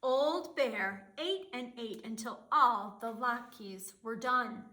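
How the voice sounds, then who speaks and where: Librarian reading a storybook, expressive woman, bright voice, echoey room. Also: on the high side, takes it slowly. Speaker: children's librarian. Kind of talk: reading a picture book aloud. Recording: roomy echo.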